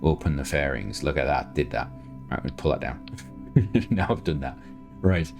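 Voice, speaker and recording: A man speaks in an exceptionally deep voice as he narrates his own gameplay. He thinks aloud, mocks his own choices and often restarts his sentences. Soft music plays faintly underneath. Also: moderate pace, gravelly. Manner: chatty, self-mocking, thinks aloud with many restarts. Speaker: gameplay commentator. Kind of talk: casual gameplay commentary.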